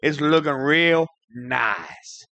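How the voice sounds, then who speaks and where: A man co-hosting a comedy podcast, telling tall tales with loud, animated outbursts. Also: fairly high pitch, extremely slow, no echo. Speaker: co-host.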